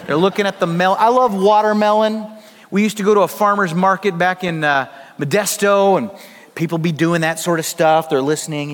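Male pastor, high voice, conversational sermon delivery, long hall reverb. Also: a little fast. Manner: conversational preaching with acted asides.

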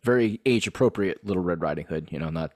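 A man in his thirties chatting casually as a podcast co-host, telling stories with animated delivery and frequent laughter. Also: low voice, fast talker, slight background noise. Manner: animated storyteller who laughs often. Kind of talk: casual chat.

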